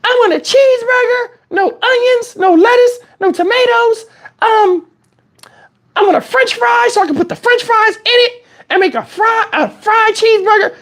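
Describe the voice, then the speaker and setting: A man voicing his young daughter as a whiny, demanding little girl in a high insistent voice. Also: moderate pace, a bit bright.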